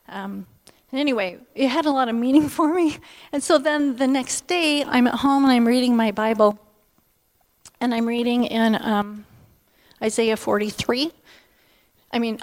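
A woman in her fifties sharing a personal testimony at a church gathering, candid and heartfelt, talking in a loose conversational way with frequent pauses and fillers. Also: a little high. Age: 50s. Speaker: speaker giving a personal testimony.

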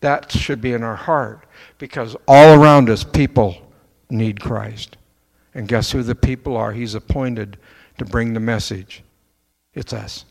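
Male pastor preaching, gravelly voice, conversational, rhetorical questions, long church reverb. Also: mid-range voice, steady tone, a little slow, a little mellow. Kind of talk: sermon. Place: church sanctuary.

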